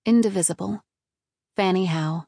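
Woman audiobook narrator, measured and even, mid-pitched, dry close-miked studio sound. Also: dry recording. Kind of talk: scripted narration.

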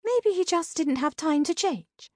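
A woman's voice: measured pace, no echo, clean studio sound. A woman reading an audiobook, voicing a wry, teasing female ghost sidekick with sarcastic quips in a raised voice. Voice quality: higher, lively voice.

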